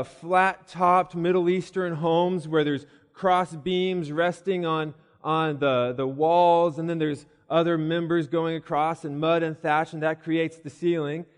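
Man preaching, animated storytelling, halting restarts, church reverb. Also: fairly high pitch. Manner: storytelling with voiced asides and hesitant restarts. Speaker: pastor. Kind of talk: sermon. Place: church building. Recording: long reverb of a church hall.

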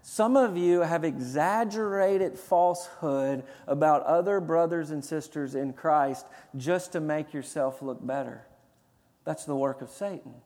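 A man's voice: fairly high pitch, measured pace, warm tone, long reverb tail. A man preaching a sermon as pastor, building to emphatic bursts of conviction. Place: church sanctuary.

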